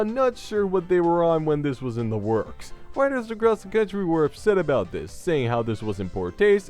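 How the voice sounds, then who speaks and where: Sarcastic, crude male gaming commentator. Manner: sarcastic and crude, with lively swings in pitch. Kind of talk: scripted video game commentary.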